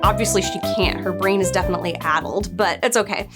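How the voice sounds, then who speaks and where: A woman's voice: mid-range voice, fast, over music. A young adult woman casually reviewing a TV episode, retelling scenes in a chatty way with quoted lines and asides. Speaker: show reviewer.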